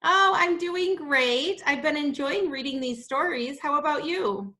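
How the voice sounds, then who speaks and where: A woman teacher giving a reading lesson to young children, sounding out letters slowly and gasping in delight. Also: high voice, lively intonation, pushed and bright. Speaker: kindergarten teacher.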